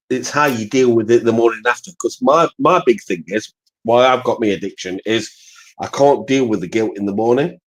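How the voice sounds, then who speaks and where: A man's voice: mid-range voice, low-quality recording. Sweary man chatting bluntly. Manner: blunt, sweary, repeats himself. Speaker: guest on a live stream panel. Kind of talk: casual chat.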